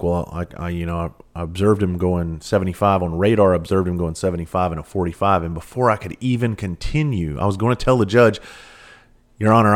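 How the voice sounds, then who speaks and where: A former police officer and firefighter, a man in his thirties, telling a story casually with plenty of swearing. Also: sits low. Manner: profane, laid-back storyteller with bursts of laughter.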